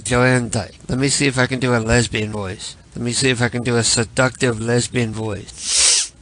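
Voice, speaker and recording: A man of middle pitch chats in a flat, mocking tone between his prank calls. He sounds self-deprecating and deadpan. A steady hiss of noise sits under the voice. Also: moderate pace. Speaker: prank caller and host.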